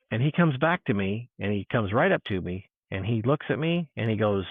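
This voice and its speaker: A man telling a personal encounter story in casual chat, animated and full of restarts, acting out what people said. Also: lowish voice, brisk, few pauses, husky, no room sound. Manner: animated storyteller, restarts, acts out quoted dialogue. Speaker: guest. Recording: tinny phone-like line.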